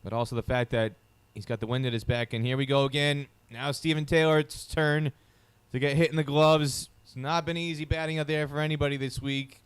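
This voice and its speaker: A man's voice: on the high side, flat delivery, brisk, few pauses, clean tone. A man commentating live on a cricket match, giving detailed analysis of the bowling and fielding.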